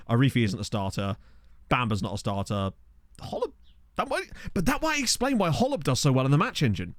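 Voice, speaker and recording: A man's voice: dry recording, clean studio sound. A man casually commentating a football management game on a stream, thinking aloud with a chatty manner. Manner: chatty, thinking aloud, animated pitch swings. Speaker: gaming streamer. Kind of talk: casual let's-play commentary. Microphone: desk microphone.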